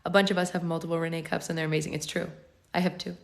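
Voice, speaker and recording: A woman with a hoarse, gravelly voice hosting a book club livestream, reading aloud and chatting in a playful, rambling way. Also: lowish voice, flat delivery, very fast. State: hoarse, losing her voice. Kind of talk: reading aloud and casual chat. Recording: roomy echo.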